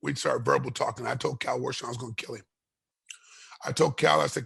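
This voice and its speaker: Gravelly, raspy man telling a fight story. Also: medium pitch, fast. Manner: animated storyteller, voices others in his story, repeats and restarts. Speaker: guest, retired fighter. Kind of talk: storytelling interview.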